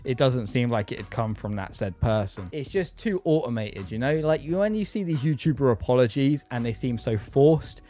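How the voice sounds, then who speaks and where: A man's voice: mid-range voice, lively intonation, normal speed, few pauses, dark tone. A man giving frank, casual reaction commentary, swearing now and then. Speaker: commentary YouTuber.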